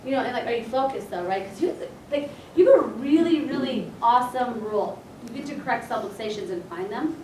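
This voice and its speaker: A woman's voice: fairly high pitch, expressive, fairly quick, hardly any pauses, a little mellow, slight background noise. A woman chiropractor giving a casual, chatty seminar talk to colleagues and acting out bits of dialogue. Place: meeting room. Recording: echoey room, mic at a distance.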